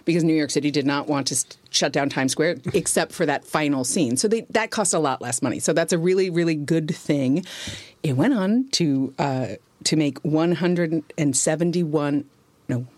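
A woman's voice: low voice, animated, fairly quick, darkish tone, dry recording. Woman co-host, chatty and self-correcting, dry close mic. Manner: rambling, laughs often, self-correcting. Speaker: podcast co-host. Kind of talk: casual film discussion.

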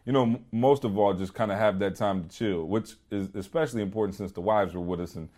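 A man's voice: on the low side, fast. A man co-hosting a podcast who tells a story in a casual, rambling way, full of "you know" and "like". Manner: animated, rambling with many "you know" and "like" fillers. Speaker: podcast co-host.

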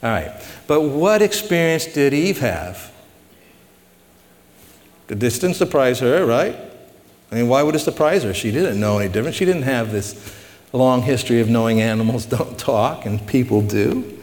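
A man's voice: medium pitch, animated, moderate pace, long pauses, a little mellow. A man preaching a conversational Bible-teaching sermon, tossing questions to his congregation in a folksy way. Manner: folksy, asks the audience questions. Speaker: pastor. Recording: long hall reverb.

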